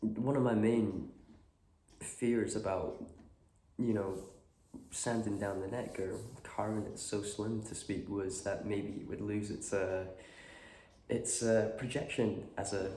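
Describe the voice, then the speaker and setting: A man with a cold, talking casually and haltingly with lots of fillers. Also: on the low side. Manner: halting, filler-heavy, relaxed. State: has a cold, clearing his throat. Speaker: guitar vlogger. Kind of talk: casual chat. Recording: echoey room with faint noise.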